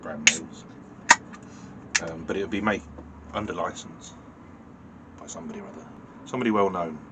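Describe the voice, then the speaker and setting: A man from the United Kingdom reviewing a beer in a casual vlog, talking in a dry, understated way with many pauses and fillers. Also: low voice, noisy background.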